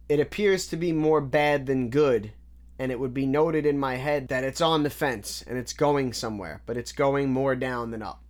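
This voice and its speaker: A man casually breaking down rap lyrics line by line, analytical and repetitive, often restarting his sentences. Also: medium pitch. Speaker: music reviewer.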